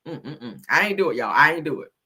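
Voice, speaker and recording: A woman's voice: low-pitched, expressive, brisk, husky. A woman hosting a casual comedic livestream, laughing often and swearing, with frequent exclamations to the Lord. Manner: loud, laughing, preachy exclamations and profanity. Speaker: livestream host.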